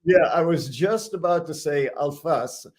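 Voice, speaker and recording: A man's voice: a little high, measured pace, darkish tone. Older American man, regular guest, chatty storyteller with an amused, self-deprecating manner. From United States. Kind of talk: casual storytelling.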